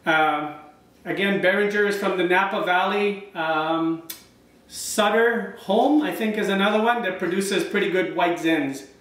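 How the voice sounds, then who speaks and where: A man's voice: high voice, unhurried, a bit bright, distant mic. A middle-aged man, chatting casually through a home wine review and drifting into anecdotes. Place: room at home, filmed by his wife. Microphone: camera mic from a distance. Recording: very echoey room, voice from off-mic.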